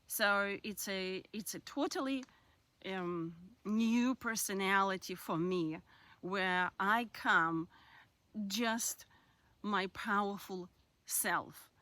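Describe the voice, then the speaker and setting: A woman talking through personal-growth advice in a candid, reflective way, laughing now and then and sometimes dropping to a soft near-whisper. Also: medium pitch, takes it slowly, no echo. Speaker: self-help speaker. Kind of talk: casual advice monologue.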